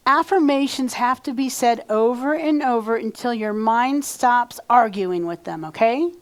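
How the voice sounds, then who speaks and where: A woman reverend giving a conversational sermon in church and leading the congregation in repeated affirmations. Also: medium pitch. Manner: conversational, leads call-and-response affirmations. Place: church sanctuary.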